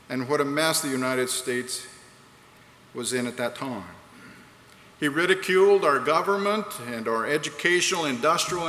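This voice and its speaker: A man's voice: fairly high pitch, sharp tone. A man preaching a sermon in a large hall, earnest and rhetorical, reading quotes aloud. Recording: echoey hall, faint background noise.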